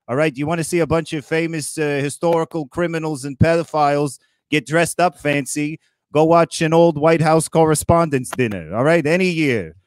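Man doing Moses as a cranky old Brooklyn guy, sarcastic, fairly high voice, dry sound, comedy roast. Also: no echo, close to an everyday voice. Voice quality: kvetching, sarcastic, rapid-fire. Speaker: roast host.

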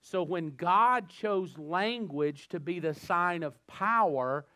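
Animated Southern pastor preaching a sermon. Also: male voice, high voice, slow pace, no room sound. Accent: Southern American. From American South. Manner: animated, acts out little scenes and voices; repeats words when starting a thought. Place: church.

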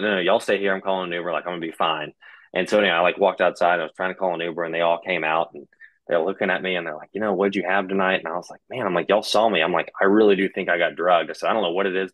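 A young man with a low, deep voice tells his story as a podcast guest. He speaks casually and re-enacts each exchange in quoted dialogue. The sound is close and dry, with no room in it. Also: fairly bright tone, dry recording, poor audio. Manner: retells scenes by quoting dialogue. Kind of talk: casual first-person storytelling.

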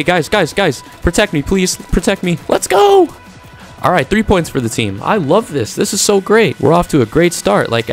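A young man giving energetic, trash-talking commentary over his own gameplay, in casual slang. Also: mid-range voice. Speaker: gaming YouTuber.

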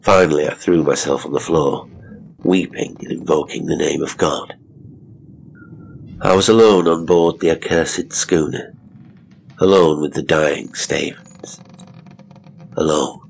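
Deep, gravelly male horror narrator. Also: fairly even intonation, slight background noise. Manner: measured, dramatic storytelling.

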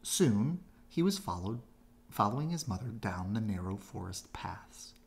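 A man reading a children's storybook aloud, gentle and expressive. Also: lowish voice, a little slow, creaky. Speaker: storybook reader.

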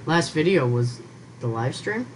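Low-voiced mother teasing her son. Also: expressive, a little slow, noisy background. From Ohio, USA. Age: 40s. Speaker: mother playing video games with her son. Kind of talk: casual gameplay chat.

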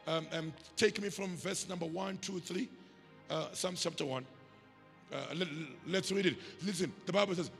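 South African man, pastor, sermon, call-and-response preaching, very gravelly rough voice, high pitch, long hall reverb, faint music. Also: fairly bright tone.

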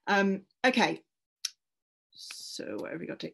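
A woman with an English accent giving an online science talk, gently reassuring listeners and inviting them to breathe. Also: medium pitch, animated, measured pace, creaky, slightly rough.

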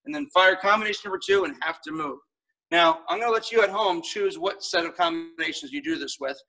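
Male martial arts instructor, high bright voice, upbeat and encouraging, calling out drills; recorded from across an echoey studio. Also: expressive, brisk, far from the mic. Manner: upbeat, encouraging, casual with fillers.

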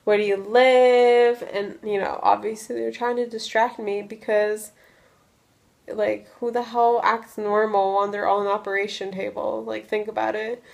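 A woman's voice: mid-range voice, little pitch movement, moderate pace, vocal fry. Chatty young woman telling a story. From Russia. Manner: chatty, many "like" fillers. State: a little loopy from medication. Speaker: vlogger. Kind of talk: casual storytelling vlog.

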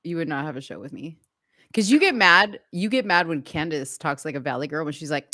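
A woman's voice: deep voice, animated, a little fast, pushed and bright, no room sound. A woman co-hosting a casual chat show, playful and teasing, laughing often. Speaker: co-host.

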